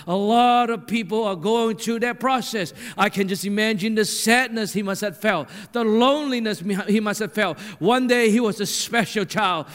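A man's voice: high voice, moderate pace, few pauses, fairly bright tone. A man preaching a sermon in a church hall, earnest and emphatic, repeating his points for weight. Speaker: pastor. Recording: long hall reverb.

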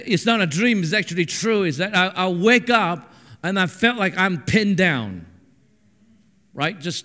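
A man preaching a sermon, telling stories with animated swings from hushed to shouting. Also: high voice. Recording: echoey hall with long reverb.

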